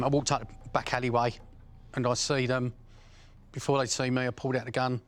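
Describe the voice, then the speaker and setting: A man's voice: mid-range voice, fairly bright tone, no room sound. A middle-aged man with an Essex accent, bluntly recounting crime stories, swearing and restarting often. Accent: Essex English. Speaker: interviewee.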